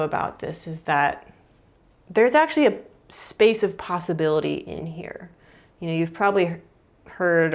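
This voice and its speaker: A young adult woman, a mind-body therapist, explaining ideas casually and thoughtfully at a whiteboard, with many fillers. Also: low-pitched.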